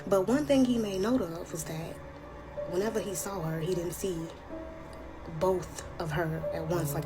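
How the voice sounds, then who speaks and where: A woman telling a scary story in a casual, colloquial way, slipping into hushed whispers at the tense parts. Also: lowish voice. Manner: colloquial, chatty. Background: background music.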